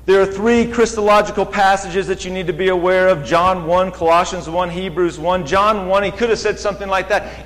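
A man preaching a sermon as a guest speaker, measured and deliberate, slowing down to dwell on scripture quotes and rising in pitch as he builds emphasis. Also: steady tone, fairly bright tone. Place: church sanctuary. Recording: long church reverb.

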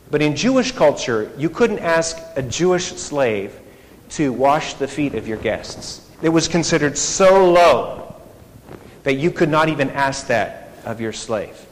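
Male preacher, lively and conversational, fairly high voice, reverberant hall with faint noise. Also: measured pace. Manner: animated, conversational, rhetorical questions. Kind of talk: sermon.

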